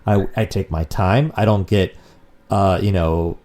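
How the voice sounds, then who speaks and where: Low, dark-voiced man rambling on a podcast. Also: measured pace. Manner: rambling, swears casually, animated. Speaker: podcast co-host. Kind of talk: casual podcast chat.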